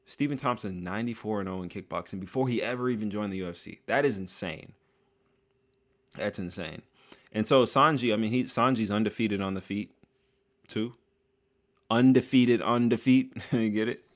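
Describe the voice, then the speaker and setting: A man giving a casual, joking commentary monologue, full of slang and drawn-out asides, as a video creator. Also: fairly low pitch, fairly bright tone.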